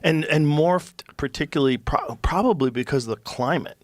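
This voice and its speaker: A man hosting a casual conversation, explaining ideas in an animated, profane way. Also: fairly high pitch, moderate pace, no room sound. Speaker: podcast host.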